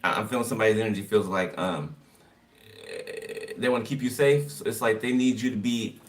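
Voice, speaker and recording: A man's voice: lowish voice, brisk. A man giving a casual live tarot reading, chatty and laughing often as he greets viewers. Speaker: tarot reader. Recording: distant from mic, clear background noise.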